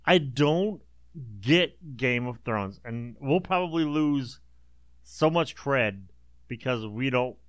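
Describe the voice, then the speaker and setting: Animated man joking crudely. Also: medium pitch, slow pace, no echo. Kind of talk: casual chat.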